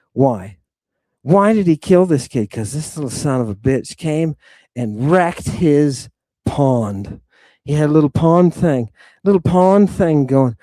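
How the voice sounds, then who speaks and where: A man hosting a dramatic lecture, swinging from hushed asides to ranting, and swearing freely. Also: mid-range voice, no echo. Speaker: host lecturing on ancient texts. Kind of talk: dramatic lecture to an online audience.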